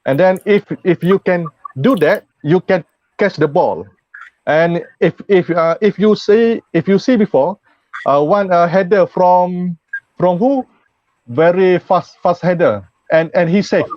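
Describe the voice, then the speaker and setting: Male panelist, broken halting speech, muffled call audio, dry. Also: high voice, no room sound. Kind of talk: casual panel discussion.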